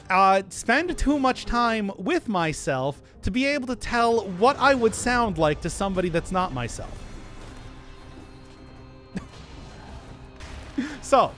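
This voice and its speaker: A man's voice: high voice, a bit bright. A young man streaming a game, chatting and rambling as he plays, often laughing. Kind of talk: live gameplay commentary.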